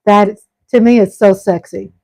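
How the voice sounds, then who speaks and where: A woman's voice: medium pitch, fairly even intonation, moderate pace, mellow, no echo, low-quality recording. A middle-aged woman hosting a casual live stream. She reads out viewer comments and chats back to them, calling her viewers y'all and breaking into exclamations.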